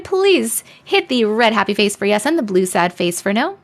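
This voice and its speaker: Very animated and mid-range, this live-stream host talks at a moderate pace with few pauses. She reads viewer stories aloud in a playful, chatty way, adding sarcastic asides, all into a desk microphone.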